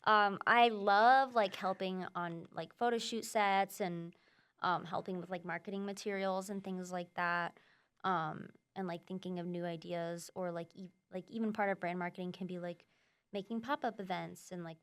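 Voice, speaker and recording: A woman's voice: on the low side, steady tone, moderate pace, a bit bright, clean tone. A woman in her twenties from the US Midwest, chatting casually in an interview with many "like" and "um" fillers. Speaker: student outreach producer.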